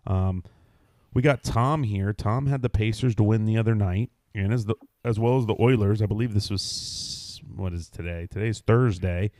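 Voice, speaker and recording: A man in his thirties co-hosting a casual sports betting podcast, running quickly through lists of bets and odds. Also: fairly low pitch, darkish tone, no echo, clean studio sound. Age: 30s. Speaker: podcast co-host.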